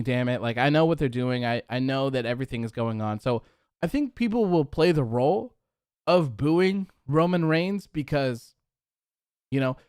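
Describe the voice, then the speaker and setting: A man's voice: medium pitch, clear, resonant tone, dry recording, studio quality. A young man hosting a live wrestling post-show, reading chat comments and reacting casually, acting out crowd reactions. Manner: animated, acts out crowd reactions.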